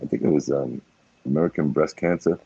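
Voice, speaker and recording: A middle-aged man with a low, husky voice, talking bluntly and swearing freely. The recording is dull and dry. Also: steady tone, brisk, warm tone, no room sound. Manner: blunt, swears freely, many "you know"s. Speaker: guest. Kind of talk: emotional casual talk.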